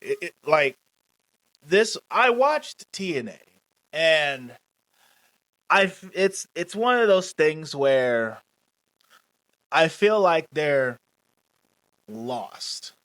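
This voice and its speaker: High-voiced man in casual podcast chat. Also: big pitch swings, very slow, long pauses, fairly bright tone, no echo. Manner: laid-back, explains at length, mimics interviews. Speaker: podcast co-host.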